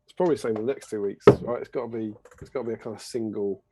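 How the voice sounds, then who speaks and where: A man's voice: fairly low pitch, racing, heavy background noise. A man co-hosting a hobby stream, chatting casually with playful, self-deprecating banter. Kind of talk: casual chat.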